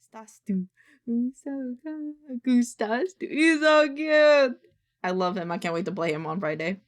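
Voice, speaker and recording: A woman streamer chatting casually, excitable and gushing, swearing and muttering to herself. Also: medium pitch, normal speed. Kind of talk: casual live-stream chat.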